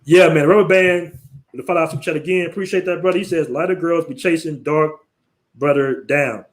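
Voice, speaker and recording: A man's voice: fairly high pitch, fairly quick. An American man hosting a casual livestream, talking in loose slang and laughing often as he tells stories and reads out viewer messages. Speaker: livestream host. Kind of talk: casual live-stream talk.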